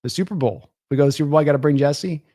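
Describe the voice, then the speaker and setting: A man's voice: fairly high pitch, racing, warm tone, no echo, clean studio sound. A young man hosting a live football stream, rambling casually, reading viewer comments aloud and thanking them by name. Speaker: sports livestream host.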